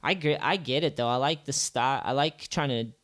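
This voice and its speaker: This is a male podcast host from the States in an easygoing chat, his voice sitting at an ordinary middle pitch. He rambles from one thought to the next, curses freely, and leans on "like" and "you know" constantly. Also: a little fast, a bit bright. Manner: rambling, loose and profane, full of "like" and "you know". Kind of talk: casual chat.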